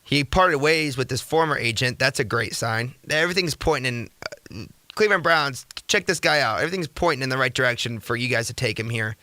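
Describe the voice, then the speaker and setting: Bright-voiced young male sports radio host. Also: medium pitch, brisk, no room sound. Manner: energetic, rambling, rhetorical ranting. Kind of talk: casual sports talk radio.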